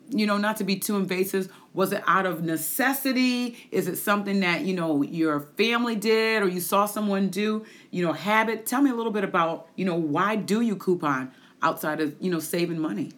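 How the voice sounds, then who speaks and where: A woman hosting a Christian podcast, with a lively, preacher-like, sing-song delivery, in her forties. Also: on the low side. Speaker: podcast host.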